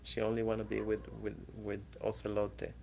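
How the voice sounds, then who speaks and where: A woman with a rumbling low, mellow voice talks to her cats in a completely flat delivery at normal speed. She's casually coaxing and teasing them in her apartment, captured by a camera in the room with slight background noise.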